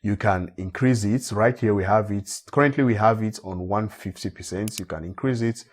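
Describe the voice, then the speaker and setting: A man from Africa walking viewers step by step through a software tutorial, often repeating himself. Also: on the low side, normal speed, breathy edge. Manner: steady step-by-step walkthrough, repeats phrases. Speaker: tech tutorial host. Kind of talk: screen-recorded software tutorial.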